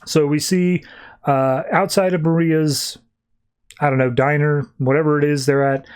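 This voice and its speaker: A man's voice: a little high, fairly even intonation, moderate pace, a little mellow, clear, resonant tone. A man co-hosting a podcast, recapping a comic book in a loose, offhand way with wry asides and frequent restarts. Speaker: podcast co-host.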